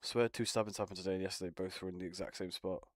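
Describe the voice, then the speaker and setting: A man's voice: deep voice, steady tone, rapid-fire, dry recording, clean studio sound. A young man bantering casually with friends as a streamer, teasing, swearing and laughing often.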